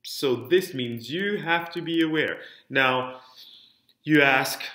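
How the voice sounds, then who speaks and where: A man teaching French diction in an online lesson, speaking each word clearly for students to repeat and stressing word endings. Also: fairly high pitch, slow pace, sharp tone, reverberant. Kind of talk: online lesson, modeling words for repetition.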